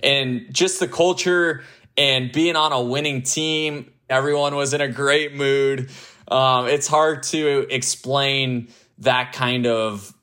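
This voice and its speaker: A man's voice: mid-range voice, steady tone, slow, bright, forceful tone. A man from the Tampa area, a pro ballplayer, chatting as an interview guest with lots of fillers and laughter. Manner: loose, laughing, full of fillers. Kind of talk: casual interview chat.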